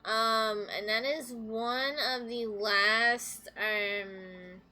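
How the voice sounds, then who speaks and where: A woman's voice: fairly high pitch, steady tone, drawn-out words, noisy background. A woman streaming a video game live, rambling to her chat with lots of fillers. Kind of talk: live gameplay commentary.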